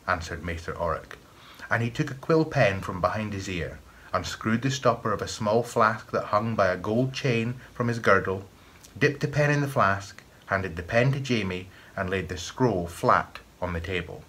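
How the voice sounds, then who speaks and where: A man with a Scottish accent from the east of Scotland, reading a folk tale aloud in an expressive storytelling manner. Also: low-pitched, moderate pace, slightly rough.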